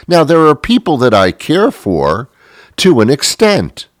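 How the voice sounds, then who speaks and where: A man's voice: a little high, wildly swooping pitch, a little slow, dry recording, clean studio sound. A middle-aged man hosting a show, delivering a wry, rambling comic monologue with mock-biblical asides. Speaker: show host.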